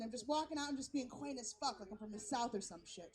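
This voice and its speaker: Woman stand-up comic from san francisco, high voice, brash, profane, animated storytelling, live stage. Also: quick pace, hardly any pauses, over a noisy crowd. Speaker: stand-up comedian. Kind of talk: stand-up comedy set.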